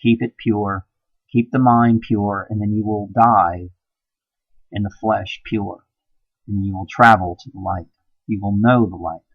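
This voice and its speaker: A man's voice: on the low side, fairly even intonation, unhurried, husky, dry recording. Intense preachy man, dull lo-fi recording. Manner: preachy, urgent, swings from hushed to loud. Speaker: video blogger. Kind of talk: impassioned monologue to camera.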